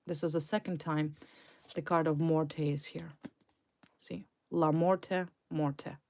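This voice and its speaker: A woman with a low-pitched voice gives a tarot card reading for her viewers. She speaks with emphatic indignation and keeps repeating her key words for weight. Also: flat delivery, measured pace, a little mellow. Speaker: tarot reader.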